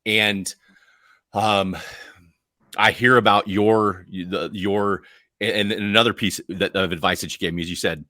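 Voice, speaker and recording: Bright-voiced earnest male podcast host. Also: on the low side, fairly even intonation, dry recording, studio quality. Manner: earnest, halting, frequent restarts. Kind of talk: casual podcast interview.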